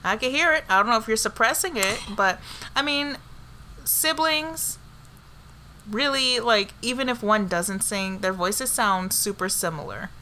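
A woman's voice: mid-range voice, a little slow, bright, forceful tone, slight background noise. A woman co-hosting a casual chat, talkative and breaking into bits of song. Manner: chatty, breaks into snippets of song.

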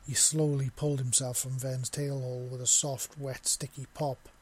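A man narrating a written story in an audio reading with a steady, even delivery and a husky voice. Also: mid-range voice, moderate pace.

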